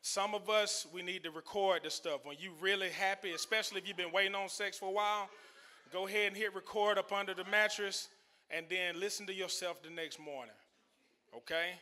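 A man's voice: high voice, fairly even intonation, a little fast, pushed and bright. A male stand-up comedian on a club stage, talking loosely and chuckling through his punchlines. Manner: loose, conversational, trailing punchlines with laughs. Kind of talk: stand-up set.

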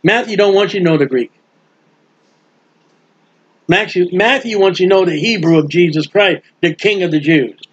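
High-voiced lively preacher, lo-fi sound. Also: male voice, normal speed, pauses often, husky. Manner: animated, acts out bystanders' mocking voices. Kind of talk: Bible study sermon. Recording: dull lo-fi recording.

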